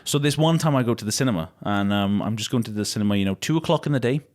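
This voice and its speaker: A young British-raised man sits as a guest, telling his stories in loose, animated chat. His voice sits on the lower side, and he drops into quick retellings of what people said, laughing between lines. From United Kingdom. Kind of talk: casual interview chat.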